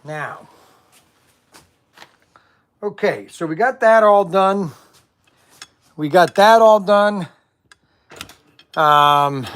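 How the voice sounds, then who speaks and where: Man, live stream host, casual build chat, playful mock-whining, talks to himself, slow-paced. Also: high voice, fairly bright tone, a little hiss or hum. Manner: talks to himself while working.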